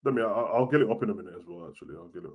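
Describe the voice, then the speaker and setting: A slangy young wrestling show host with a fairly low voice chats rapid-fire while reading comments on a live stream. He's casual and animated, swinging between loud and soft.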